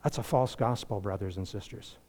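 A man preaching a sermon as pastor, impassioned, swinging between loud emphasis and hushed earnestness. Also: lowish voice, fairly quick. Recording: long reverb of a large hall.

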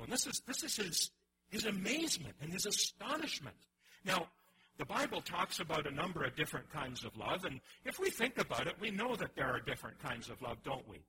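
A man preaching a sermon in an animated way, often restarting his phrases and acting out the voices he quotes. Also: on the high side, a little hiss or hum, poor audio. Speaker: pastor.

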